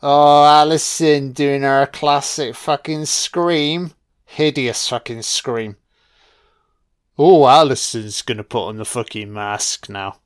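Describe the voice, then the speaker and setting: A man's voice: mid-range voice, steady tone, slow pace. A man giving profane, sarcastic reaction commentary on a film.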